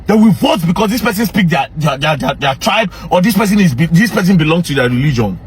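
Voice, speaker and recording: A young man with a Nigerian Pidgin English accent, ranting angrily and confrontationally straight to camera as a social media commentator, often breaking into shouts. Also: fairly high pitch, lively intonation, fast talker, a little hiss or hum. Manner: angry, confrontational, repeatedly shouting. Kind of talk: heated direct-to-camera rant.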